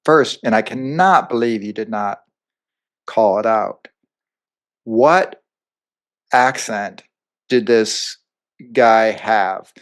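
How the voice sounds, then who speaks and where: Slow and often pausing, this lowish male voice belongs to a movie review podcast co-host who rambles animatedly, full of fillers and side comments.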